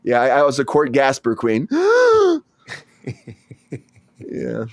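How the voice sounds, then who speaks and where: A man's voice: normal speed, creaky, no echo, studio quality. A man, an actor hosting the show, chatting casually and acting out quotes from his stories in a raised voice. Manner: animated storyteller, acts out quotes in high voice. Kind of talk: casual chat.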